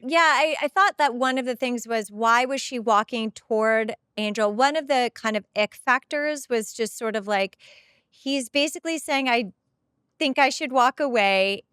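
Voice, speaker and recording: Fairly high-pitched, clear and resonant with a fairly bright tone, the podcast host talks at a moderate pace. She's a middle-aged woman on a headset mic, emotionally gushing through casual commentary on a show episode she's rewatching, recorded at studio quality with no room sound.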